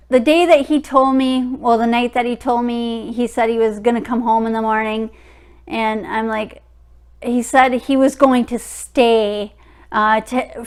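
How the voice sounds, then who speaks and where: A woman in her fifties telling a personal story to her vlog viewers in a frank, blunt way. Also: clear, resonant tone. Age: 50s. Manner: frank and blunt, drops into a low murmur when reading texts aloud. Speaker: vlogger. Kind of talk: casual storytelling to camera.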